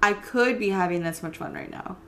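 A woman's voice: mid-range voice, a little fast, vocal fry. Young woman podcast host, casual chat. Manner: casual, swears freely, laughs easily.

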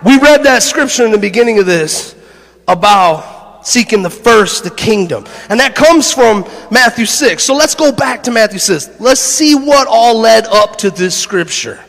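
Animated preaching man in a reverberant hall. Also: high voice, measured pace, creaky. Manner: animated, laughing storyteller who builds to shouted preaching. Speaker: pastor. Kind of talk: sermon with storytelling. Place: church sanctuary.

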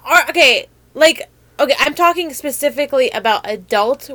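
A woman co-hosting a podcast in excitable, crude, giggly casual chat. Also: sits high, normal speed, no room sound. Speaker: podcast co-host.

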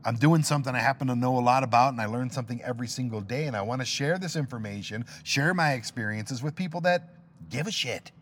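A man's voice: mid-range voice, quick pace, breathy edge. A middle-aged man hosting his own podcast alone, rambling casually and cracking self-deprecating jokes. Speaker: podcast host. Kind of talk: casual solo podcast monologue.

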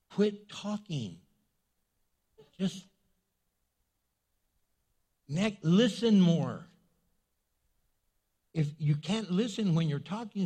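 A male pastor preaching a sermon in a church, animated and joking, repeating his points for emphasis. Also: on the high side, breathy edge.

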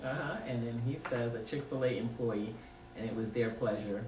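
A woman with a rumbling low voice talks at normal speed, hosting a podcast where she reads live chat comments, laughing and teasing in loose slang. It's casual chat, recorded from a distance in an echoey room with faint noise.

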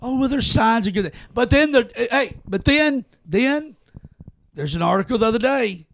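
A man's voice: very high-pitched, expressive, moderate pace, gravelly, fairly bright tone, dry recording. A man co-hosting a podcast in casual sports chat, blunt and emphatic. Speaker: podcast co-host.

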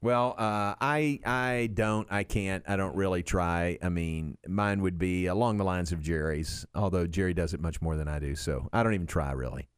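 A man's voice: low-pitched, clear, resonant tone, no room sound, clean studio sound. A man hosting a sports radio show, chatting casually with co-hosts, laughing easily and. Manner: easygoing, laughs often, quick affirmations. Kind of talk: casual on-air chat.

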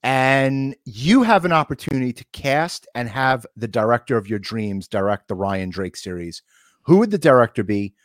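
A man hosting an interview, telling stories in a lively, casual way. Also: medium pitch, moderate pace, no echo, clean studio sound. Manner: animated storyteller. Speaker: podcast host.

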